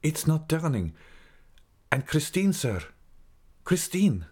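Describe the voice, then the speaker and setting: A man's voice: medium pitch, big pitch swings, moderate pace, a little mellow, breathy edge, voice pushed up. A man voicing an impatient, anxious young male nobleman who asks urgent, pleading questions.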